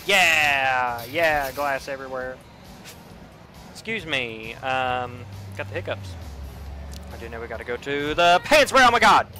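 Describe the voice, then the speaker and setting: A young man giving casual let's play commentary, with frequent profane, excitable outbursts. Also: medium pitch, moderate pace, long pauses, soft background music. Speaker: gamer.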